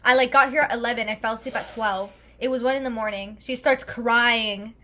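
A young woman co-hosting a casual chat podcast, animated and teasing, laughing as she talks. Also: on the high side, fairly quick. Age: young adult. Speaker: podcast co-host.

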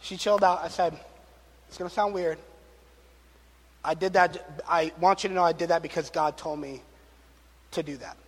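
Faint music plays behind a pastor whose voice runs on the high side at normal speed with long pauses. He animatedly tells a story, acting out quotes and joking and laughing, all echoing with the long reverb of a large hall.

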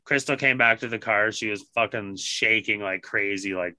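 A man on a podcast telling a story casually, swearing constantly and animated in his retelling. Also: on the low side, normal speed, clear, resonant tone, no room sound. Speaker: podcast co-host.

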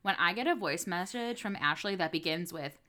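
A young woman co-hosts a relaxed book chat. Her voice is very low but bright, with a wide, lively swing in pitch. She speaks slowly and expressively. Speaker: podcast co-host. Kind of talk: casual chat about books.

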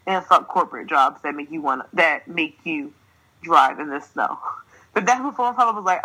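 A young woman from New Jersey, a podcast host telling a story in casual chat, swearing freely and ranting in an animated way, laughing often. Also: low-pitched, normal speed, slightly rough, poor audio.

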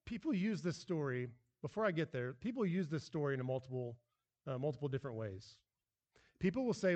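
A man preaching a sermon as pastor, animated and emphatic, with frequent restarts. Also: on the high side, a little fast, big-room sound.

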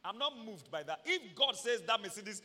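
A Nigerian man preaching a sermon as pastor, animated, shouting at peaks and slipping in humorous stories. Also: high-pitched, normal speed, big-room sound, very noisy.

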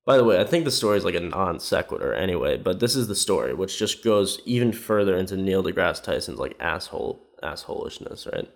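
A man's voice: sits low, very animated, a little fast, gravelly, hardly any pauses. A man ranting in casual commentary, sarcastic and rambling with many fillers, mocking what others said. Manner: mimics quoted speech with raised voice.

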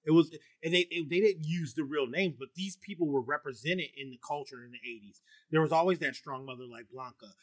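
A middle-aged man with a baritone voice, chatting casually and profanely as a podcast co-host, high and rambling with many fillers and restarts. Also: fairly quick, few pauses, no room sound. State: high on marijuana. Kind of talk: casual chat.

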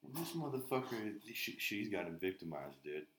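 A man's voice: fairly low pitch, sing-song, normal speed, a bit bright, echoey room, a little hiss or hum. A man on a podcast, telling rambling stories full of swearing in casual chat. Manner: profane, rambling storyteller. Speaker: podcast co-host.

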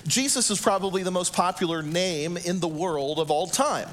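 A man preaching a sermon as pastor, slowing down and rising in pitch and volume for shouted quotes. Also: soft background music.

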